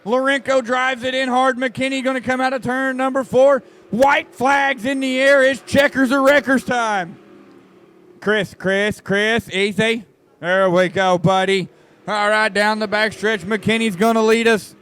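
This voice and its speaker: An excitable man calls a dirt track race, his voice high and smooth. He jokes with the crowd between laps while race cars roar behind him. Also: measured pace. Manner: excitable, joking with the crowd, folksy. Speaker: race announcer. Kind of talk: live race commentary over a PA.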